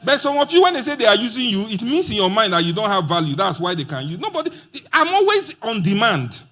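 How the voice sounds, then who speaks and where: A man's voice: high voice, very animated, quick pace, sharp tone. A man giving a playful motivational talk at a conference, acting out quoted dialogue. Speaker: conference speaker. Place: conference hall.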